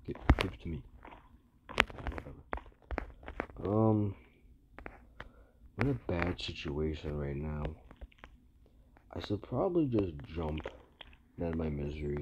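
A man with a deep, low voice gives casual gameplay commentary, mumbling along and breaking into excitable outbursts and groans. He talks slowly. The recording comes from a phone screen recorder, with loud hiss and noise behind him. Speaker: gamer. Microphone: phone screen recorder mic.

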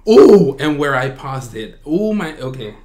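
Excitable man gushing in fan reactions. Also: mid-range voice, moderate pace. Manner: gushing, excitable, shrieks and squeals often. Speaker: reaction video host.

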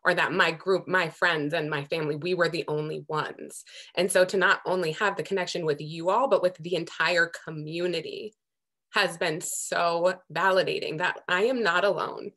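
Earnest young woman, low voice. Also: steady tone, normal speed, a bit bright. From Amherst, Massachusetts. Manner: earnest, emotional, many restarts and "like". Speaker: working group co-chair. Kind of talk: heartfelt remarks at a public meeting.

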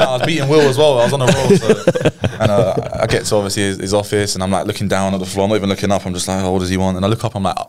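A young man with an English accent, chatting casually as a podcast guest, relaxed and quick to laugh. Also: lowish voice. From England. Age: young adult. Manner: relaxed, laughs easily, retells with playful quoted voices. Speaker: guest rugby league player.

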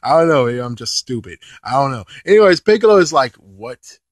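Giving laid-back commentary on an anime episode, this reviewer is lively, cursing casually and laughing mid-sentence. He has a medium-pitched voice, speaks a little fast, and sounds dry in the recording.

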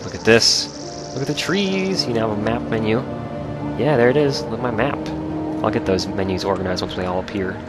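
A man giving excitable, joking commentary while playing a video game. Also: fairly low pitch, a little fast, over music. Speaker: let's play host. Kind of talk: casual gameplay commentary.

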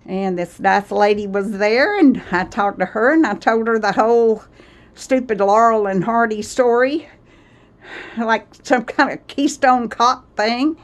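A woman's voice: a little high, measured pace. A woman chatting to her viewers in a vlog from her country cottage kitchen, rambling and laughing often, a little out of breath. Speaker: vlogger. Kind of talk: casual chat to viewers.

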